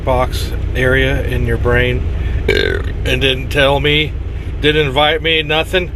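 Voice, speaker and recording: A man's voice: mid-range voice, lively intonation, takes it slowly, background noise. A man hosting a show, joking playfully in casual chat from a car. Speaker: host.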